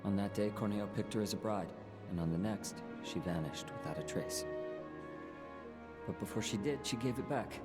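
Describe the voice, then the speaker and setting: Brief: male actor as a somber bar owner chasing revenge, deep voice, video game cutscene with a music bed. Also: normal speed, close to an everyday voice. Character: grieving middle-aged male bar owner bent on revenge.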